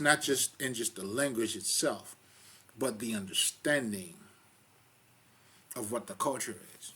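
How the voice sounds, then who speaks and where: Husky, profane, rambling man. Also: medium pitch, a little slow. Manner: rambling, profane and streetwise, with frequent fillers; laughs loudly between points. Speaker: spiritual talk host. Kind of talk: casual spoken monologue.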